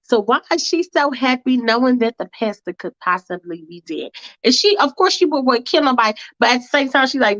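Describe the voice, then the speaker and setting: Brief: high-pitched woman, slangy storytelling with asides, dull lo-fi sound. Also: animated, fairly quick, fairly bright tone. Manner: chatty, slangy, full of asides. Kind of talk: casual fan-fiction storytelling.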